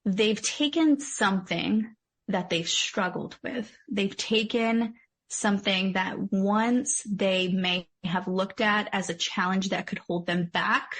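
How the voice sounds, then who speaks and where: A woman's voice: mid-range voice, husky. A young adult woman, a mindset coach, talking enthusiastically as a podcast guest with lots of fillers. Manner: enthusiastic, effusive praise, filler-heavy. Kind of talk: casual interview chat.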